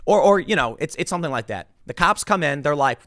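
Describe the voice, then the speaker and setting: A man's voice: on the high side, lively intonation, quick pace, a bit bright, no room sound, clean studio sound. A man delivering a sarcastic political opinion monologue, mocking the people he talks about and acting out their voices. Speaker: political commentator.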